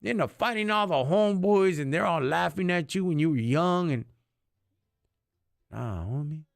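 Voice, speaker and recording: A man's voice: fairly high pitch, lively intonation, normal speed, gravelly, no room sound, clean studio sound. A man giving an impassioned faith talk on a live stream, preachy, in street slang, dropping in Spanish words. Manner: preachy, street slang, calls listeners homie and dog.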